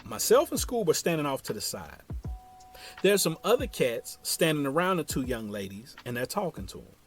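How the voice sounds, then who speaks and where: A man from Ohio tells a story on his own podcast, relaxed and full of slang. He talks straight to his listeners, and his voice rises and falls freely. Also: a little high, normal speed, faint music behind. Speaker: podcast host. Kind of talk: casual storytelling.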